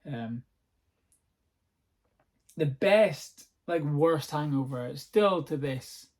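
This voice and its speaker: A man's voice: on the high side, animated, very slow. A young Scottish man from the north-east, hosting a solo comedy podcast at home, rambling, swearing and laughing easily. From north-east Scotland. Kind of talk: casual solo podcast monologue. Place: at home on a sofa-bed seat.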